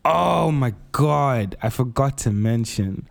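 A man's voice: medium pitch, lively intonation, takes it slowly, gravelly. A man co-hosting a podcast in casual chat, blunt and enthusiastic, swearing freely. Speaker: podcast co-host.

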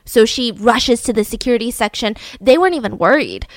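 A woman hosting a podcast, telling a true-crime story in a casual, animated way, full of "like" and "right?" asides. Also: a little high, fairly quick, no echo. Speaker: podcast host.

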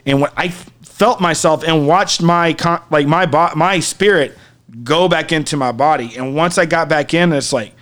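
A man's voice: a little high, moderate pace, fairly bright tone. A man co-hosting a podcast, telling a personal story in a rambling, casual way full of "like" and "dude", turning earnest and reflective. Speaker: podcast co-host.

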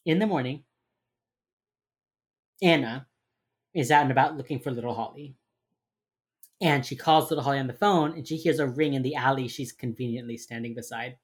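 Woman recapping a tv show, really low voice, kinda husky, acts out the lines, swears a lot. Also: moderate pace, pauses often. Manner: animated, acts out characters' lines, swears freely. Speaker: podcast co-host recapping a TV crime drama. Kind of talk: casual chat.

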